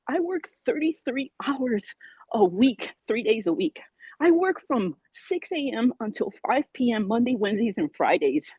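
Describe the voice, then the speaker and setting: Tearful, excited woman on a video call. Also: fairly high pitch, slightly rough, dry recording, rough recording. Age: 40s. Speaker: team member sharing a success story. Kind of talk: emotional testimonial on a video call.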